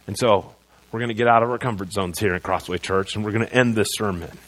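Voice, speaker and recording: A man preaching a sermon as pastor in a church, moving between loud proclamation and quiet earnest passages. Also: fairly low pitch, quick pace. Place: church sanctuary.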